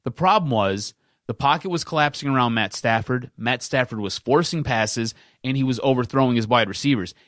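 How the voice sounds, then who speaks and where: A man's voice: mid-range voice, fairly quick, a bit bright, no room sound, studio quality. A man hosting a sports podcast, ranting in casual talk and repeating himself for emphasis.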